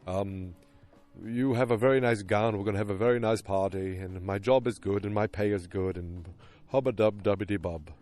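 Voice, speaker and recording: A man's voice: fairly low pitch, steady tone, a little mellow, soft background music, natural voice. A man doing a fussy, mock-genteel executive. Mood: soothing. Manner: mock-genteel, drawn-out, silly. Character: fussy male executive soothing his wife.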